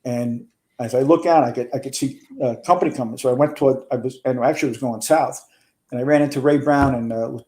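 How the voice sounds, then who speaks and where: A man's voice: medium pitch, a little mellow. A man, a retired fire chief telling a long story in a casual interview, rambling with restarts and some swearing. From New York.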